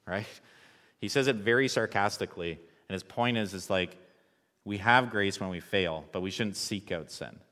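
A man preaching a sermon as pastor, relaxed and conversational, joking with the congregation. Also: deep voice, normal speed, in a large hall.

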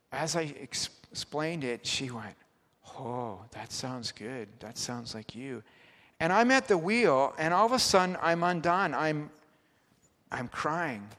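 A man's voice: fairly high pitch, fairly bright tone. A man gives an earnest personal testimony as a guest minister in church, talking conversationally with many restarts. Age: 60s. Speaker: guest speaker, ordained minister. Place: church sanctuary. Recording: long hall reverb.

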